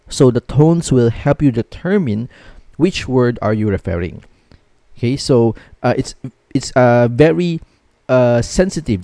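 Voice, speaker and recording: Filipino man teaching, mellow and dry. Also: medium pitch, no room sound. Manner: switches between English and Tagalog; repeats checks like "okay?" often. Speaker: language teacher. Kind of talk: casual video lesson.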